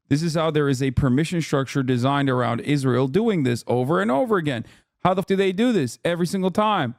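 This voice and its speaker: A man's voice: mid-range voice, dry recording, clean studio sound. A man streaming casual reaction commentary in a sarcastic, rambling way. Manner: sarcastic, rambling, riffing on chat.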